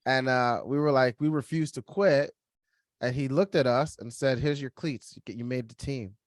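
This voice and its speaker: A young man co-hosting a podcast, telling a personal story in casual chat, lively and laughing, acting out the voices of others. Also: mid-range voice, normal speed, no echo, studio quality. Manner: animated, acts out quoted voices, laughs while telling. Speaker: podcast co-host.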